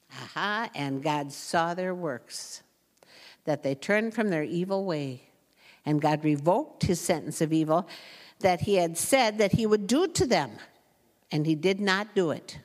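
Folksy woman teaching scripture in a hall. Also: fairly low pitch. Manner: folksy, chatty, laughs often, reads scripture aloud. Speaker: Bible teacher. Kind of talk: informal Bible teaching. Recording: long hall reverb.

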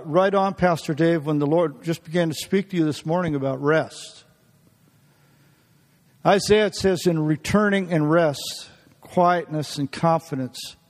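High-voiced man preaching in a reverberant hall. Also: a little mellow. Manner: folksy, laughing often, many restarts. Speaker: guest preacher. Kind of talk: sermon with personal stories. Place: church.

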